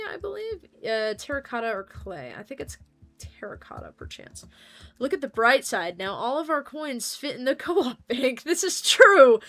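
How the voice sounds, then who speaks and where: A woman's voice: on the high side, pushed and bright. A woman livestreaming a game, chatting casually and playfully to her viewers, rambling from one topic to the next. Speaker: streamer. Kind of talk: casual gaming livestream chat.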